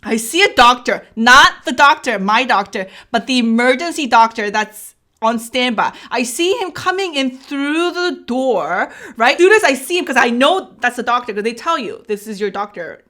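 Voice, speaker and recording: A high-voiced woman in her thirties tells a personal story to her vlog audience. She talks in a casual, animated way and acts out what people said, sometimes in sudden cries. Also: normal speed. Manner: animated storytelling, acting out her own shouts and others' lines. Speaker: vlogger. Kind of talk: storytime while eating.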